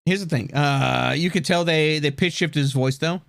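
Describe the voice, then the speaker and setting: Loud swearing male streamer. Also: on the high side, normal speed, creaky, no room sound, studio quality. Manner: loud, profane, laughing often. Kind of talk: live-stream reaction.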